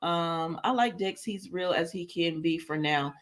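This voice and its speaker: In a lowish, unhurried voice, a woman hosts a casual livestream reviewing a soap opera episode. She quotes the characters as she recaps, replies to viewers' comments, and laughs frequently, using plenty of fillers.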